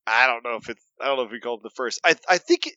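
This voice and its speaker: A man co-hosting a podcast in casual chat, hesitant and stop-start, then breaking into excited, laughing retellings. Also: mid-range voice, very fast, no room sound, dull audio. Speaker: podcast co-host.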